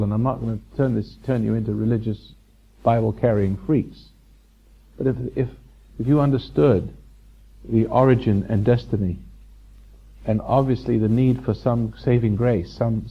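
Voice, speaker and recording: A man's voice: mid-range voice, slightly rough. A man giving a live spiritual lecture to a seminar audience, rambling and repeating himself, chuckling and teasing the listeners. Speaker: seminar speaker. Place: hotel function room before a live audience. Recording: dull lo-fi 1990s seminar tape.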